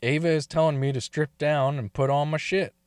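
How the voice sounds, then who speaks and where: A man's voice: fairly high pitch, fairly even intonation, brisk, darkish tone, clear, resonant tone, no echo, studio quality. A man telling a story in a casual, crude way, swearing and laughing often between lines.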